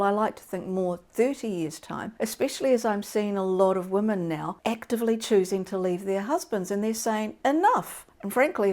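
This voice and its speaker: A woman's voice: mid-range voice, darkish tone. A woman in her fifties, hosting a casual book discussion in a frank, wry and blunt way, swearing freely. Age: 50s. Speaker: book show host.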